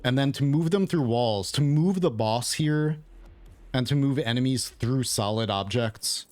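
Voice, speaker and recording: A man's voice: medium pitch, lively intonation, a little slow, a little mellow. A man who is losing his voice, casually thinking aloud as he explains his gameplay as the host of a gaming video.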